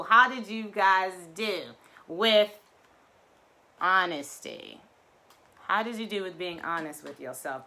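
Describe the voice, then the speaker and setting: A middle-aged woman, giving a casual, animated spiritual talk to her viewers and acting out quoted voices. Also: medium pitch. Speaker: spiritual vlogger.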